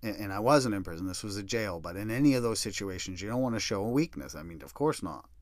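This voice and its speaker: Man, middle-aged, lowish voice, dry close sound, halting and emotional storytelling, podcast host. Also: animated, no room sound. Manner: halting, soft-spoken, pausing often. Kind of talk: personal storytelling monologue.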